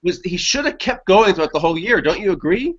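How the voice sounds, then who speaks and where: Male entertainment interviewer, fairly high and very expressive, bright timbre, lo-fi video call. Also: quick pace. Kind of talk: casual interview chat. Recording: dull lo-fi video call audio.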